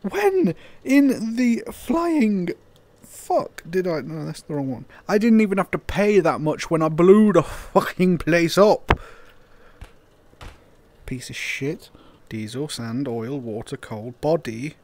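A young man giving casual, sweary gameplay commentary, swinging into loud disbelief and laughter. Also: a little high, unhurried, slight background noise. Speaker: gaming YouTuber.

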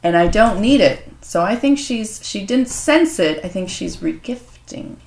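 A woman's voice: medium pitch, lively intonation, a little slow, gravelly, darkish tone. A woman host swearing and joking crudely in a casual unboxing vlog. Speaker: author and video host. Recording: echoey room.

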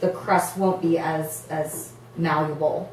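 A woman's voice: low-pitched, steady tone, takes it slowly, background noise. Distant woman explaining a recipe. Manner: practical, matter-of-fact explaining. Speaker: home cook explaining the recipe. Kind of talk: casual cooking instructions. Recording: very echoey, distant from the mic.

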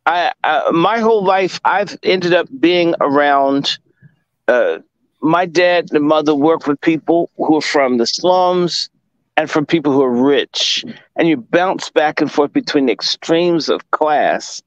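A man's voice: a little high, a little slow, dry recording, muffled recording. A man from Washington, D.C., a guest commentator lecturing in emphatic, profane casual talk.

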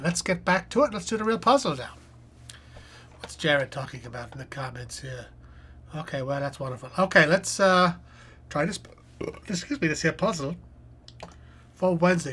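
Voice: mid-range voice, expressive, brisk, pauses often, fairly bright tone, slightly rough. A live-stream host chatting casually and reading puzzle clues aloud as they think, with lots of fillers. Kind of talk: casual live-stream commentary while solving a crossword.

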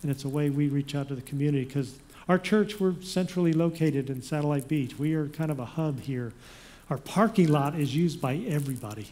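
A man's voice: on the high side, fairly quick. A man pastor speaking casually to his congregation, giving thanks and leading a prayer. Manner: plain conversational talk, shifting to loud dramatic reading. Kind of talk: church announcements and scripture reading. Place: church sanctuary.

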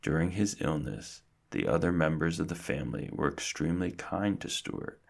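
Very deep, gravelly male storyteller. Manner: slow, steady storytelling. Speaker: narrator. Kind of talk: reading a children's book aloud.

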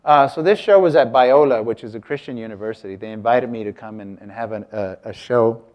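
Recorded with lo-fi sound, an American man with a medium-pitched voice speaks fairly quickly during a relaxed artist talk. He chats with the crowd, interrupts himself mid-sentence, and asks the room questions.

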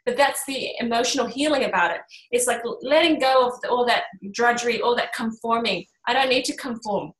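Animated woman healer in an echoey room. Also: a little high, fairly quick, few pauses. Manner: animated storytelling, acts out quoted voices. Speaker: energy healer. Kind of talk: casual workshop chat. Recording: roomy echo.

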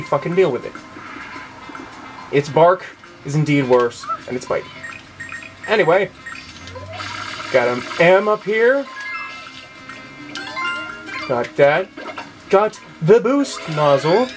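Speaking slowly with long pauses, a man with a high, animated voice narrates his video game playthrough. His let's play commentary is sarcastic and heavy on profanity, with video game music behind him.

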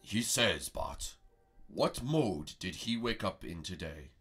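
A man's voice: sits low, lively intonation, takes it slowly, fairly bright tone, slightly rough, soft background music, voice pushed down, heavily acted. A man voicing a pompous old male mystic master who speaks in a grand, archaic way in a role-play comedy. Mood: grave.

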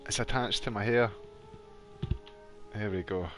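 Scottish male streamer, low voice, loose and talkative with his viewers, quick to laugh. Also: fairly even intonation, faint music behind. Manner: chatty, laughs often, talks to viewers. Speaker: live game streamer. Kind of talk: casual live gameplay chat. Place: warm bedroom at home.

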